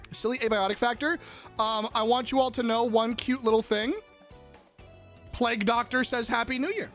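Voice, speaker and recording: Lively, giggly streamer rambling to chat. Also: mid-range voice. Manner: rambling, giggly, swears freely. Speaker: livestreamer. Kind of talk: casual chat with viewers.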